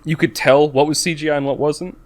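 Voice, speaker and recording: A man co-hosting a podcast, talking casually in a rambling, self-interrupting way with quick laughs. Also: fairly high pitch, steady tone. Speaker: podcast co-host. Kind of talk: casual chat.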